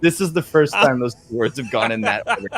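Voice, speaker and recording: A man's voice: on the high side, expressive, a little fast, creaky, fairly bright tone, husky. A man co-hosting a game stream with profane, joking banter. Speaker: co-host. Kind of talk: casual game stream commentary.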